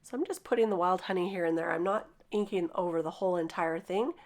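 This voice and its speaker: A woman who is losing her voice, raspy, explaining a card-making craft tutorial in a chatty, upbeat voice-over. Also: fairly low pitch, quick pace, a little mellow. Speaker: craft video host. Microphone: voice-over mic.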